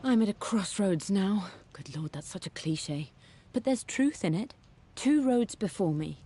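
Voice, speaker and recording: A woman's voice: mid-range voice, animated, measured pace, mellow, husky. A woman voicing a thoughtful young noblewoman, reading her own diary as game voice-over in a reflective, wry manner. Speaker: diary narrator.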